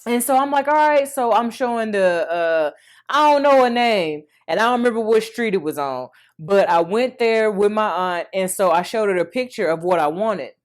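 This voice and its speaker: A woman in her thirties vlogging, telling an emotional personal story in a chatty, animated way and speaking to viewers as y'all. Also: mid-range voice, moderate pace.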